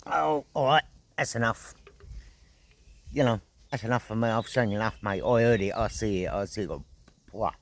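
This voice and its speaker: Slangy, animated man telling a tale. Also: fairly low pitch, fairly quick, long pauses. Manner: animated, slangy and swearing, with sound effects. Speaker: outdoor vlogger. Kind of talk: casual storytelling to camera. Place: outdoors at an evening camp.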